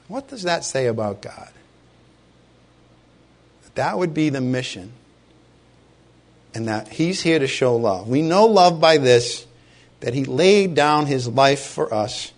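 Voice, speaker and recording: A man preaching a sermon with passion, firing rhetorical questions at his congregation. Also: medium pitch. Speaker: pastor.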